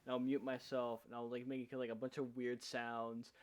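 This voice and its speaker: A man's voice: medium pitch, monotone, moderate pace. Hesitant casual man on a stream. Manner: meandering, hesitant, heavy on fillers. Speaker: podcast host and game master. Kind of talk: casual chat.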